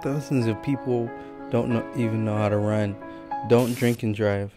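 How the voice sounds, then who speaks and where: A man's voice: mid-range voice, steady tone, normal speed, over loud music. A man hosting a casual reaction video, chatting loosely with his viewers. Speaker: gaming video host.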